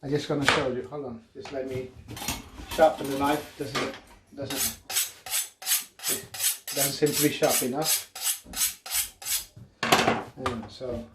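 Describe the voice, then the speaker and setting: Medium in pitch and steady in tone, this man speaks slowly and pauses often. He's a middle-aged cooking show host from northwest Spain, chatting and rambling through a casual demo in his home kitchen, full of fillers and tag questions, recorded amid echo and cooking noise.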